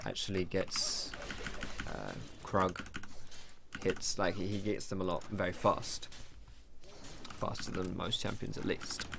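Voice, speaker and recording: A man's voice: low voice, creaky, noisy background. A young man giving casual, rambling gameplay tutorial commentary from his computer at home. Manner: chatty, rambling, swears when surprised.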